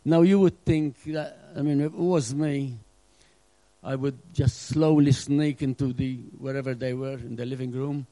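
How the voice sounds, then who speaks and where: Middle-aged guy preaching, earnest, acts out bits and goes quiet sometimes, warm voice. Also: medium pitch, steady tone, normal speed, poor audio. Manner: earnest preaching with acted-out asides, drops to a hush. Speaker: pastor. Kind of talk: sermon.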